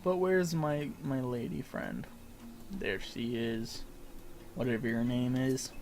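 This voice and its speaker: A man's voice: medium pitch, animated, takes it slowly, gravelly, darkish tone. A young man streaming a game, chatting casually with lots of fillers and laughs. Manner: rambling, filler-heavy, laughs often. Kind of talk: casual gameplay commentary.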